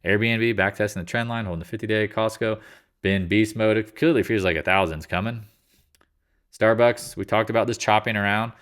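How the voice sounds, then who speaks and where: Low-pitched guy doing a loose slangy stock recap, jokey asides. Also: steady tone, fairly bright tone. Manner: loose, jokey, slangy, tosses in silly voices; talks in quick asides and restarts. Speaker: market commentator. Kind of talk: casual market recap over charts.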